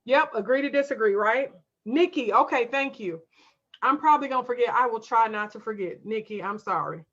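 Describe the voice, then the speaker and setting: A woman's voice: on the high side, lively intonation, a little fast, a bit bright, dull audio. A woman coach hosting a live stream, emphatic and direct, calling her viewers y'all and reading out their comments.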